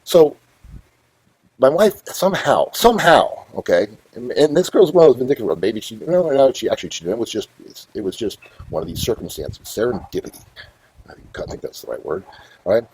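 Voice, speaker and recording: A middle-aged man hosting his own show, telling a long story in a rambling, profane, animated way. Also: mid-range voice, brisk, breathy edge, poor audio. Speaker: host. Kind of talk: casual storytelling monologue.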